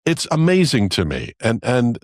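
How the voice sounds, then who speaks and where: A man hosting a casual podcast over a video call, talking in an animated, self-deprecating way with frequent restarts. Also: medium pitch, normal speed, no room sound, clean studio sound. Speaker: podcast host. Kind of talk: casual political chat. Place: California, indoors.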